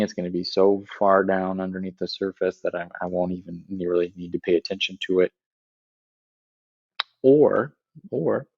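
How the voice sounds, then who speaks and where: A man's voice: low voice, creaky, a little mellow, no room sound, lo-fi sound. A man in a podcast conversation, explaining reflectively and often checking in with "right?" as he talks.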